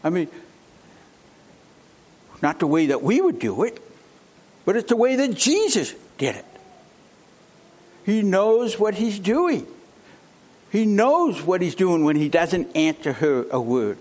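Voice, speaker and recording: A man's voice: sits high, big pitch swings, takes it slowly, pauses often, a little mellow. A man preaching a sermon, emphatic and fond of rhetorical questions.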